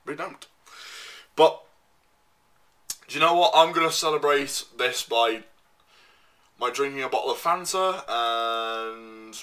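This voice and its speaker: Ranting young man, bright voice. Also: fairly high pitch. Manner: swears constantly, repeats himself, loud and worked up. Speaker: vlogger. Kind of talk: profane ranting monologue.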